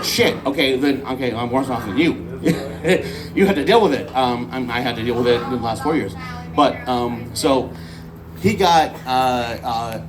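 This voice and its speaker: A man doing a first stand-up set, rambling and halting with many restarts. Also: mid-range voice, recorded from a distance, poor audio. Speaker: stand-up comedian.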